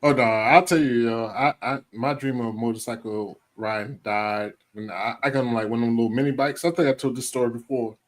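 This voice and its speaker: A man co-hosting a casual live chat show, telling animated stories and acting out other people's voices with lots of laughter. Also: mid-range voice, fairly quick, hardly any pauses. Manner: animated storyteller, acts out voices, laughs often. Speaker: co-host.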